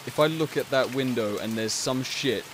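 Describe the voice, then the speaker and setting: A man's voice: mid-range voice, moderate pace, background noise. A man doing horror game commentary, stressed and jumpy, swearing and yelping when startled, his voice breaking. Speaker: gaming streamer.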